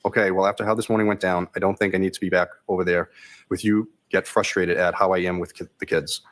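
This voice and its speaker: Casting note: man on the witness stand, very low voice, quick monotone reading. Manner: flat monotone delivery. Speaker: state trooper testifying in court. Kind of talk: reading text messages into the court record.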